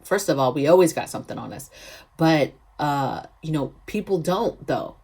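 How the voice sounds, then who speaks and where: A woman with a deep, gravelly, darkish voice and a breathy edge hosts a prepping vlog, telling a story at a moderate pace. She's animated, chatty and emphatic, checking in with viewers often through frequent "okay?" asides.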